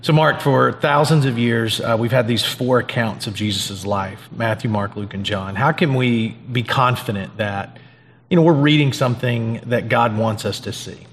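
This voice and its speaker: A man's voice: mid-range voice, normal speed, long reverb tail, slight background noise. Man interviewing, lots of uh's. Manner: friendly, filler-heavy. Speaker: pastor hosting an interview. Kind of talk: conversational interview.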